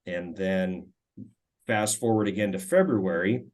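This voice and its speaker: A man in his forties from Minnesota, a former hockey player and radio color commentator, telling stories in a relaxed interview, often stumbling and repeating words as he starts sentences. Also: sits low, measured pace. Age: 40s. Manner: relaxed, frequent stammered restarts. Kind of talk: casual storytelling interview.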